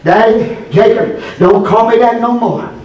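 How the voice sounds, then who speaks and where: Male preacher, fervent sermon, echoey church recording. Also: lo-fi sound. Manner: builds from low, measured speech to high, shouted preaching. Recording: echoey church room, far from mic, congregation.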